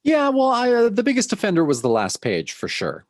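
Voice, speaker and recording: Relaxed male podcast co-host. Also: high voice, a little fast, dry recording, studio quality. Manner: relaxed, hesitant with fillers. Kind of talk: casual comic book discussion.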